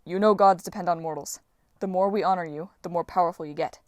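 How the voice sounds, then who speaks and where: A woman voicing a quick-witted teenage male demigod hero who talks in a persuasive, fast-talking way, reading an audiobook. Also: fairly low pitch, a little mellow, dry recording, clean studio sound, natural voice.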